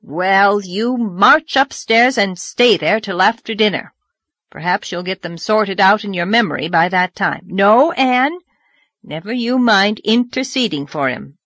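A woman reading aloud, voicing a stern older woman scolding a child, firm and sharp. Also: mid-range voice, lively intonation, a little slow, no echo.

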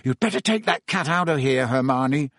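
Man playing a loud, excitable teen boy with a raised voice and a dry, close sound. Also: high voice, unhurried, slightly rough, no echo, voice pushed up, full character voice. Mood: excited. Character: excitable, blustering teenage boy.

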